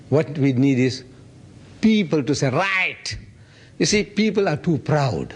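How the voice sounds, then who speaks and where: A man in his seventies giving a public lecture and answering audience questions, telling stories with lively energy. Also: unhurried, slight background noise. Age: 70s. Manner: animated storytelling, acts out others' voices with big pitch jumps.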